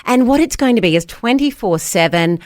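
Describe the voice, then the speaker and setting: A woman's voice: a little high, expressive, brisk, no echo, clean studio sound. Cheerful woman radio co-host. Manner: cheerful, affirming. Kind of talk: breakfast radio chat.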